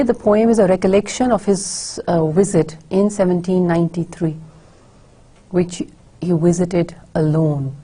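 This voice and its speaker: A woman's voice: fairly low pitch, mellow, slightly rough. A woman giving a recorded university literature lecture, explaining steadily with frequent filler words. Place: recording for an online course.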